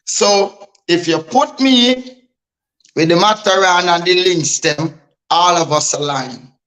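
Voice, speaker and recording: High-pitched Guyanese man, blunt. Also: takes it slowly, a bit bright, low-quality recording. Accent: Guyanese Creole. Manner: blunt, emphatic. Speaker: DJ and artist guest. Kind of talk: candid interview talk.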